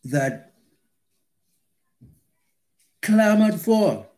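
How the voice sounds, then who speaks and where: A man delivers a sermon in a slightly raised voice, measured and unhurried. He pauses between short phrases and leans on key words for emphasis. He reads scripture aloud with deliberate weight. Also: high-pitched, big pitch swings, darkish tone. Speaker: preacher.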